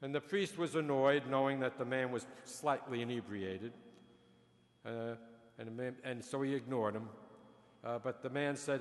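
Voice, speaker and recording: A man preaching a sermon as a priest, telling stories and jokes slowly and chuckling at his own punchlines. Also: medium pitch. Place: large church. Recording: long church reverb.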